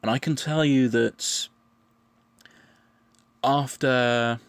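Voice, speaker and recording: A man explaining his answers in a measured, patient monologue, often restarting his phrases. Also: medium pitch, fairly even intonation, clear, resonant tone, no echo. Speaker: vlogger answering questions.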